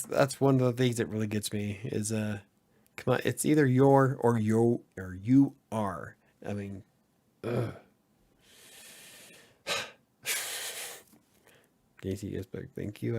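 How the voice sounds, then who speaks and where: A man's voice: medium pitch, gravelly, a little mellow. A man hosting a casual live-stream podcast, joking around and laughing often as he answers the chat. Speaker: podcast host; editor.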